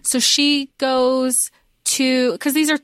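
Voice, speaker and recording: A woman's voice: sits high, flat delivery, takes it slowly, a bit bright, clear, resonant tone, no echo. A woman co-hosting a podcast, recapping a story in casual chat, earnest and rambling with lots of fillers. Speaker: podcast co-host.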